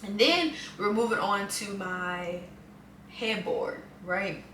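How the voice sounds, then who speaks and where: A woman's voice: mid-range voice, takes it slowly. A woman, telling a chatty, dramatic story as a vlogger. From New Orleans, USA. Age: 20s. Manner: animated, chatty, dramatic retelling. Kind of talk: casual storytime. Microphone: camera mic. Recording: roomy echo, voice a bit off-mic, faint hum.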